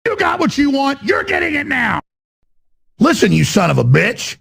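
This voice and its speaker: An unhinged game character who rants, threatens and swings between low mutters and shouts. The voice is gravelly and husky, with wildly lively pitch and slow, heavy delivery. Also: exaggerated voice. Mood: raging.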